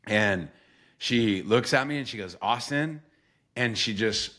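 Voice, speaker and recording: A man's voice: fairly low pitch, unhurried, sharp tone. A young man hosting a sports podcast, talking earnestly with casual swearing and lots of "bro" and "like". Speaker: podcast host and former quarterback coach. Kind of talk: emotional interview conversation.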